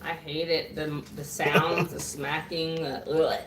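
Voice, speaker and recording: A middle-aged woman with a West Texas accent, talking softly and matter-of-factly over dinner. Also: sits low, level tone, slow, distant mic, a crowd in the background. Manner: soft-spoken, plain, matter-of-fact. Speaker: co-host. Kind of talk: casual chat while eating dinner. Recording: echoey room, off-mic.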